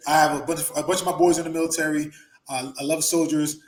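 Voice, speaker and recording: A man hosting a casual podcast chat, an animated storyteller who swears freely and laughs often. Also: a little high, fast, reverberant, a little hiss or hum. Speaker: podcast host, former wrestler.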